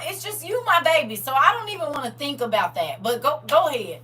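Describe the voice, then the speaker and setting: A middle-aged woman with a St. chatting casually with viewers on a livestream, telling animated stories and acting out her own reactions. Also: high-pitched, fairly quick, hardly any pauses, recorded from a distance, rough recording. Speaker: livestream host.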